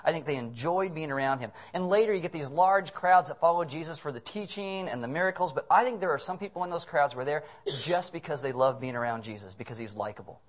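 A man's voice: a little high, fast, hardly any pauses. A man preaching a sermon as pastor, telling stories with humor and acting out the voices. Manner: humorous, animated storytelling with acted voices.

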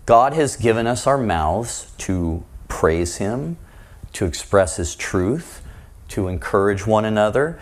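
A man's voice: lively intonation, slow. A man preaching a sermon in a conversational way, asking his listeners rhetorical questions and acting out the voices he quotes. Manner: acts out quoted voices with shifts in pitch and loudness.

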